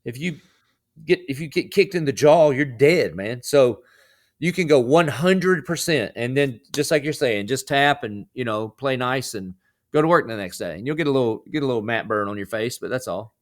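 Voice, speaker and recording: Pastor guy on a podcast, mid-pitch voice, laid back, talks like a bro, drifts into preaching. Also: moderate pace. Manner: relaxed, brotherly, slips into preaching. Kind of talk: casual interview chat.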